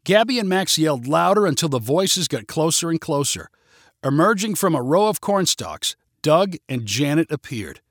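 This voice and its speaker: A man narrating a story in a steady, plain reading manner. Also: on the high side, moderate pace, no room sound, clean studio sound.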